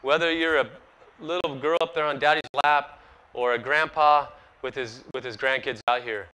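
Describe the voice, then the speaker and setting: A man in his forties, a former ballplayer, telling a lively story to an audience at a ballpark event and acting out the quotes. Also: mid-range voice, normal speed, smooth, low-quality recording. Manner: animated storyteller, acts out quotes, laughs at himself. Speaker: former pro baseball player speaking at an event.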